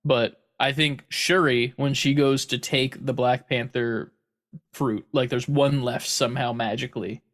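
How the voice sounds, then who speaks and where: A man's voice: mid-range voice, fairly even intonation, unhurried, a bit bright. Rambling, joking podcast co-host man. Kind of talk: casual chat.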